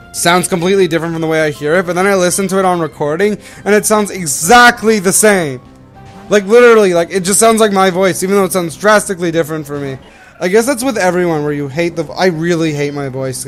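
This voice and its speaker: A young Canadian let's play host delivers brisk, casual commentary in a high voice. He meanders and corrects himself as he plays, with faint music in the background.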